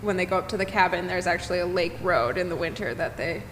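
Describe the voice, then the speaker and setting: A woman's voice: fairly low pitch, quick pace, in a large hall, a little hiss or hum. A woman from Minnesota, a podcast guest chatting casually, laughing often and filling with "like". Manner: chatty, laughs a lot, lots of "like". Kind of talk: casual conversation.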